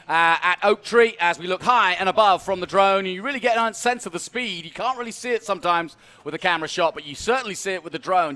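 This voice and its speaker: A man's voice: sits high, pushed and bright. A man working as race co-commentator, upbeat and bantering with his partner. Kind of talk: live motorsport commentary. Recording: noisy trackside with engine sound.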